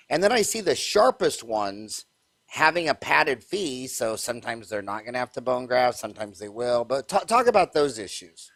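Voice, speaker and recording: A man hosting an interview podcast, asking animated questions and repeating words as he gets started. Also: mid-range voice, moderate pace, creaky, no room sound. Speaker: podcast host. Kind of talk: conversational interview.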